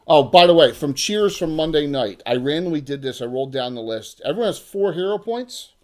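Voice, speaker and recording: A middle-aged man acting as game master, explaining rulings in a relaxed, chatty way. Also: fairly high pitch, a little fast. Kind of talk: running a tabletop game.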